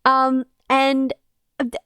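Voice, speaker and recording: High-pitched young woman, energetic streamer. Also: very slow, clean tone, no echo. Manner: energetic, laughing, says "dude" and "like". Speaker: streamer host. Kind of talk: casual chat.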